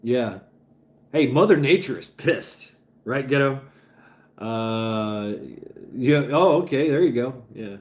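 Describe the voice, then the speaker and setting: A man's voice: medium pitch, expressive, takes it slowly. A man hosting a casual livestream, rambling and chatting with his viewers with stammering restarts and some swearing. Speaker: livestream host. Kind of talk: casual livestream chat, reading chat.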